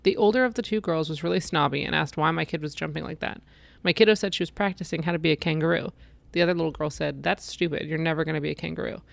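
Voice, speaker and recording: A woman's voice: sits low, fast, gravelly, dry recording. A woman in her thirties chatting casually and reading funny posts aloud, laughing often. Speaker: co-host.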